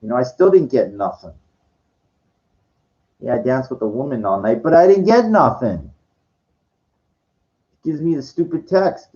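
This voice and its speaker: Forties male, rambling exasperated monologue, stutters and repeats himself, ordinary pitch, dull recording. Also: very animated, measured pace, pauses often, dark tone. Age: 40s. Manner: repetitive, stammering restarts, profane and exasperated. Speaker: monologue speaker. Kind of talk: rambling personal rant. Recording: dull lo-fi audio.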